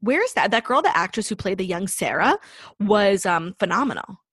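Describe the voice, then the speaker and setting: A woman's voice: mid-range voice, very animated, normal speed, a bit bright, breathy edge, no echo. A woman co-hosting a podcast in casual chat, constantly saying "like" as she talks. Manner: chatty, fills speech with "like". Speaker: podcast co-host.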